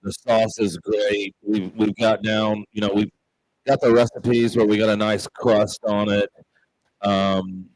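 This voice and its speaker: Low-voiced Southern man, rambling easy chat. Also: fairly even intonation, dry recording, poor audio. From Memphis, Tennessee. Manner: rambling storyteller, drawn-out pauses and fillers. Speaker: pizza pub owner and show host. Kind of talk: casual chat.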